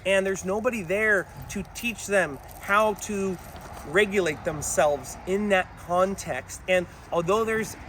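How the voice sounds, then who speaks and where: A man's voice: high voice, a little slow, fairly bright tone, a little hiss or hum. A man working as a dog trainer, giving an outdoor training talk to camera and encouraging viewers he keeps calling folks. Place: outdoors in a town.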